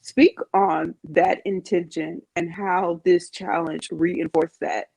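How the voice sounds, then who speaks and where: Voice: mid-range voice, steady tone, slow pace, vocal fry, a little mellow, no room sound, low-quality recording. A podcast host leading a casual group chat, encouraging the guests and putting questions to everyone.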